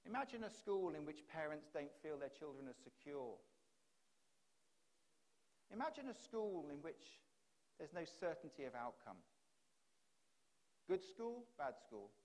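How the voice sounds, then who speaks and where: A man speaks from a conference stage in a fairly high voice, pressing his case through strings of rhetorical questions. He talks into a stage microphone, and the delivery is that of a practiced keynote speaker. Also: sing-song, a little slow, long pauses, a little mellow. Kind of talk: keynote speech. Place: conference hall.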